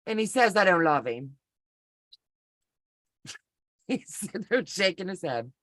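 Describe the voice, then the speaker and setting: A woman's voice: fairly low pitch, sing-song, unhurried, a bit bright, no echo. Chatty folksy woman on a video call. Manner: chatty, folksy, self-deprecating storyteller. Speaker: co-host of a sewing pattern walk-through. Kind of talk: casual chat, rambling personal story. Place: home.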